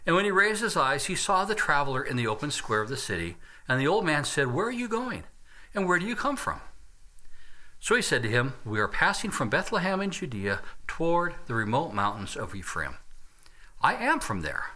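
Guy preaching, lively up and down voice, bright, reads scripture then chimes in with comments. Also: medium pitch, brisk. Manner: animated Bible reading with asides. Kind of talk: expository sermon.

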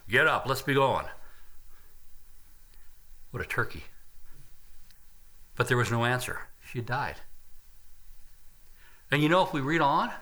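A man's voice: medium pitch, bright, forceful tone. A man preaching an expository sermon, reading Bible verses aloud and breaking in with his own asides.

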